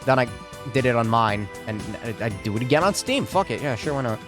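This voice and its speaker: A man's voice: mid-range voice, animated, fairly quick, over music. A man streaming a game, commenting casually while stumbling over his words and swearing freely. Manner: rambling, stammering, swears casually.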